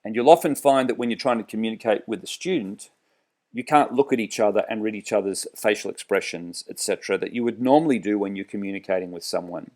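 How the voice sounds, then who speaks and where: Male driver trainer delivering a relaxed online tutorial, explaining step by step with examples. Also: on the low side, fast.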